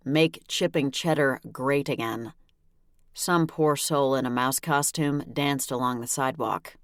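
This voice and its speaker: Brief: woman, deep voice, wry first-person audiobook read, dry booth sound. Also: clear, resonant tone, dry recording. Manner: wry, lively storytelling. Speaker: audiobook narrator.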